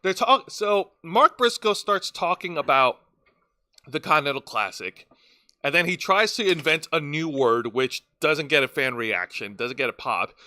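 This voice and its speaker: A man's voice: on the high side, expressive, measured pace, sharp tone, no room sound. A man co-hosting a casual wrestling review podcast, rambling through match recaps and stumbling over his words. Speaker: wrestling show co-host.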